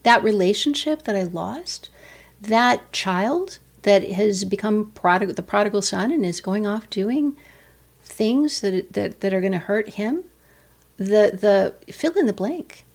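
A woman giving a casual devotional talk as host, earnest, often dropping to soft whispers as she acts out pain. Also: mid-range voice, expressive, unhurried.

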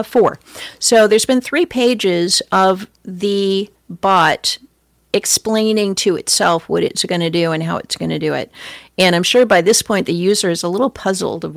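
Wry woman with a gravelly low voice. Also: dry recording, studio quality. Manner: wry and amused, laughing between reads. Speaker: commentator reading out a chatbot's output. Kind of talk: casual commentary.

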